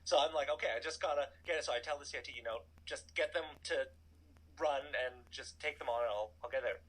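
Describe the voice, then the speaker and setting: A man in his thirties telling a personal story in a casual, animated way, full of "like" and asides. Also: mid-range voice, fairly quick, rough recording. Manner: animated, chatty, filler-heavy "like". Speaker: storytelling guest.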